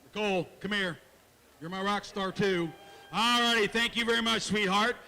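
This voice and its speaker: Auctioneer, male, fast chant, folksy; high crisp voice carrying through a reverberant arena. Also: steady tone, sharp tone. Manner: rattles off bids in a fast rhythmic chant; folksy, jokes with bidders and kids. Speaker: livestock auctioneer. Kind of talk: rapid auction chant and announcements. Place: county fair show arena.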